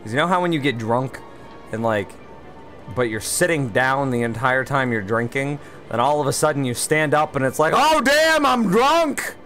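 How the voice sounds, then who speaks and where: A man streaming a city-building game who reads chat aloud and answers with dry, teasing replies. He is one beer in and a little loose. Soft game music plays faintly under his voice. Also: mid-range voice, normal speed. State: one beer in, slightly tipsy. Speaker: livestream gamer host. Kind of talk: casual livestream chat.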